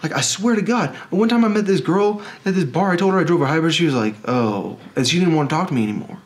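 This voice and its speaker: Man rambling through a halting monologue. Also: fairly high pitch, lively intonation. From Texas. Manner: rambling, halting, with many restarts.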